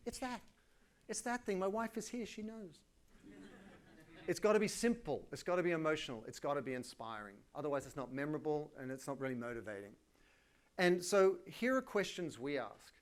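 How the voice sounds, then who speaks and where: A middle-aged Australian man giving a live conference keynote, energetic and colloquial, with self-deprecating asides. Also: mid-range voice. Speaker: keynote speaker.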